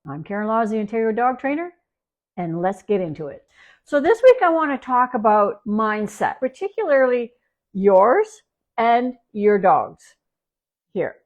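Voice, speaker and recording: A Canadian woman dog trainer chats on a live stream from home in a high-leaning, very animated voice, speaking a little slowly through a muffled recording. Telling a story, she rambles, restarts sentences and leans on fillers.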